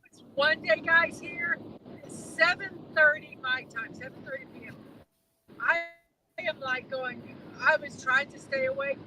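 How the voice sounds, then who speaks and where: Chatty high-voiced woman in a noisy car. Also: measured pace. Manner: chatty, rambling, laughs easily. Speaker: co-host of a live driving stream. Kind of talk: casual chat.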